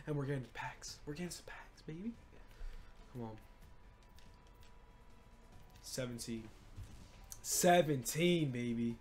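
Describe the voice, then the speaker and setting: A young man giving excited, pleading commentary while opening game card packs, swinging from low mutters to loud shouting. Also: unhurried, long pauses, soft background music. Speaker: gaming YouTuber.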